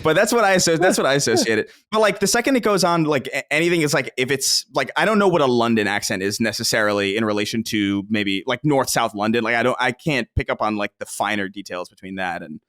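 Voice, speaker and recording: A man's voice: medium pitch, fast talker, hardly any pauses, a bit bright, dry recording, studio quality. An American man co-hosting a podcast in casual chat, swearing freely and breaking into jokey impressions. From United States. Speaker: podcast co-host.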